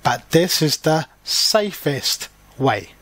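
Man reading young male mouse guide, plucky and helpful, slow storybook delivery. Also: a little high, big pitch swings, fairly bright tone, breathy edge, dry recording, exaggerated voice. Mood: calm.

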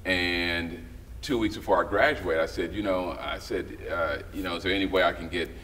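A low-pitched middle-aged man tells stories as an interview guest, lively, slipping into the voices of people he quotes. The mic sits a little distant and a faint noise runs underneath. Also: normal speed. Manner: animated storyteller who acts out quoted voices. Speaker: guest, writer and director. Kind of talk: storytelling in a casual interview.

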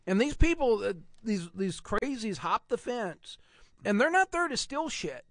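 A man's voice: high-pitched, big pitch swings, unhurried, fairly bright tone, no room sound, clean studio sound. A man co-hosting a podcast, telling stories animatedly and acting out characters with laughs. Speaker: podcast co-host. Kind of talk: casual chat.

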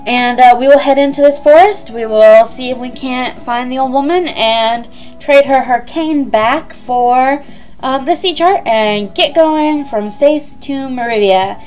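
A woman's voice: sits high, measured pace, a little mellow, faint music behind. A young woman hosting a let's play, chatting casually with many ums. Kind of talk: casual game commentary.

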